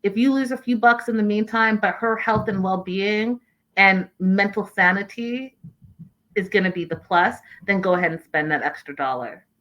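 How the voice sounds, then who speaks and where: Bright-voiced woman hosting a casual recap. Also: medium pitch, moderate pace, rough recording. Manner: animated, opinionated, talks straight to viewers. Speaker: host. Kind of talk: casual recap commentary reading viewer comments.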